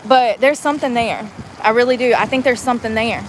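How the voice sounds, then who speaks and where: A woman's voice: on the high side, fairly quick, slight background noise, rough recording. A woman in her forties chatting casually while driving, rambling and laughing through her words. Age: 40s. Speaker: vlogger. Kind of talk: casual chat.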